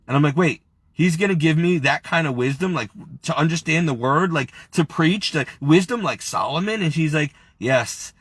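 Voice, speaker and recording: A man's voice: on the high side, expressive, normal speed, slightly rough, no room sound. A man telling an emotional personal testimony, near tears and earnest, quoting others as he goes. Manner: earnest, tearful, quotes others in his own voice. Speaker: storyteller.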